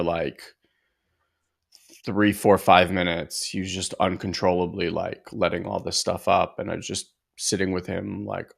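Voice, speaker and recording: A man's voice: deep voice, creaky. A man co-hosting a podcast, telling a personal story as a father in an earnest, reflective way, full of filler words. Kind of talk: casual conversational storytelling.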